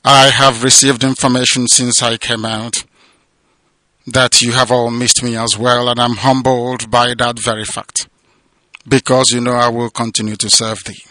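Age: adult. Sex: man. Style: impassioned political radio address. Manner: declamatory, sermon-like, sharp and tense tone. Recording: dry. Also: mid-range voice, level tone, a little slow, no echo. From southeastern Nigeria. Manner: declamatory, swinging between loud proclamations and hushed, emotional passages; repetitive, sermon-like cadence. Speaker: radio broadcaster and movement leader. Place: abroad, away from home.

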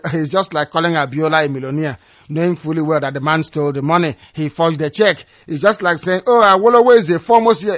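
A man hosting a call-in radio show, preaching with scorn in a fairly high voice. The sound is dry and close, with dull, lo-fi stream quality. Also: a bit bright, no room sound. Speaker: radio host. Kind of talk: talk radio broadcast.

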